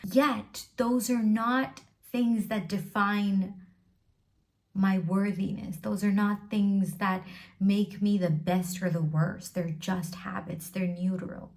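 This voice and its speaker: A woman's voice: mid-range voice, steady tone, takes it slowly, a little mellow. A woman vlogger talking to camera at home in an earnest, emphatic motivational style, building her points through repeated lists. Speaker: self-help vlogger.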